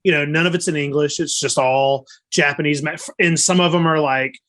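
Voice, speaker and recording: This is a man hosting a podcast in a loose, conversational way, sharing news and chatting with his co-host. His voice sits a little high for a man, and his tone stays easygoing. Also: a little fast. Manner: friendly, relaxed, announces plans. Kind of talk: casual podcast chat.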